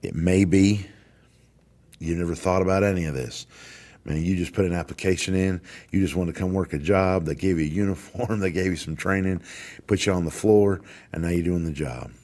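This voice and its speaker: A man's voice: deep voice, fairly quick, darkish tone. A middle-aged man, hosting a podcast and giving an emphatic motivational talk that repeats its key phrases. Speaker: podcast host, corrections warden.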